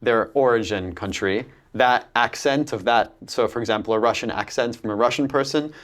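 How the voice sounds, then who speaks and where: A man with a Californian American accent, an accent coach talking casually in an interview, animated, with many fillers and restarts. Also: mid-range voice, normal speed.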